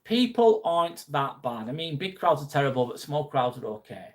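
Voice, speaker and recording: A man's voice: fairly high pitch, big pitch swings, moderate pace. A young man, chatting bluntly on a live stream, reading and answering viewer comments and swearing freely. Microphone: phone.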